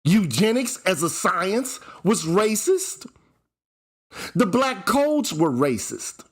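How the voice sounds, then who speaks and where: A man's voice: high-pitched, sing-song, slow pace. A man hosting his own channel, delivering a fiery, profane commentary rant that hammers the same point with repetition. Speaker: channel host. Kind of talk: ranting commentary vlog.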